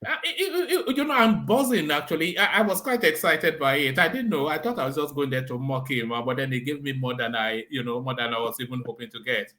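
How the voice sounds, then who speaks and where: A man's voice: medium pitch, animated, fairly quick, few pauses, pushed and bright. A man hosting a casual live discussion, chatty, laughing often and stumbling over repeated words. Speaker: host.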